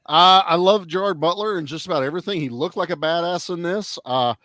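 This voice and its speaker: A man in casual chat, reviewing a film with blunt, profane and animated talk. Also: fairly high pitch, brisk, no echo.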